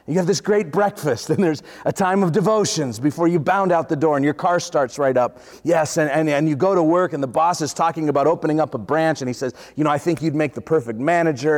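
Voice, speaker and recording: A man with a high, bright voice preaches a sermon, moving between chatty storytelling and fervent emphasis. His voice carries a long reverb tail from a large hall. He talks straight to the congregation.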